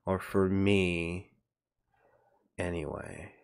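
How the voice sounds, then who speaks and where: A man hosting a casual livestream, rambling and greeting viewers by name, his voice jumping up when he gets animated. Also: deep voice, extremely slow, smooth, no room sound, clean studio sound. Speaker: livestream host.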